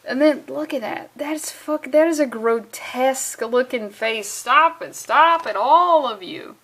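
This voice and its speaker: A sarcastic woman with a slightly high, fairly bright voice rambles through a comic book review, cursing freely. Her vlog commentary is loose and offhand, delivered at a measured pace.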